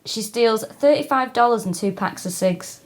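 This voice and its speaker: A woman's voice: on the high side, expressive, moderate pace. A woman in her thirties co-hosting a comedy podcast, reading out facts and chatting casually in a wry, self-mocking way. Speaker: podcast co-host.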